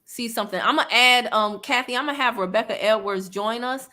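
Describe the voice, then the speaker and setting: A woman hosting a casual livestream chat, animated and laughing, reading viewer comments aloud. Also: a little high, brisk. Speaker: livestream host.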